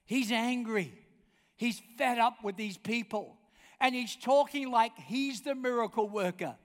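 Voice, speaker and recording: A man with a very high voice preaches emphatically, pressing his listeners to answer him back. His voice rings out with a long reverb, as though heard in a big hall. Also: unhurried, a bit bright. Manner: emphatic, calls out for congregation responses. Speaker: pastor. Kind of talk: sermon.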